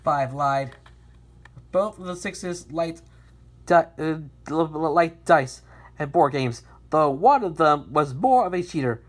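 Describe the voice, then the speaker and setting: A woman's voice: deep voice, takes it slowly. A woman reading a fan storybook aloud, often stumbling and restarting lines. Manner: lively, with frequent restarts and stumbles.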